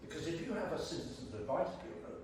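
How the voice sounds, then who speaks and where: A man's voice: a little high, big pitch swings, fast talker, noisy background. A man giving a blunt, emphatic, jokey speech to a community meeting in a church hall. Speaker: guest panellist. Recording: very echoey church hall, far from mic.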